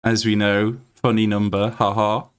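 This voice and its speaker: A British man is live-streaming a game, talking to his viewers as he plays, getting excitable, laughing a lot and swearing freely. His voice sits on the low side with a clear, resonant tone, and he speaks at a normal pace.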